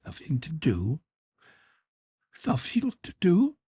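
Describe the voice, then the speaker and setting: A man voicing a distraught, devoted woman who pleads for her friend, his voice climbing high in distress. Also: big pitch swings, unhurried, breathy edge, no room sound, studio quality, full character voice.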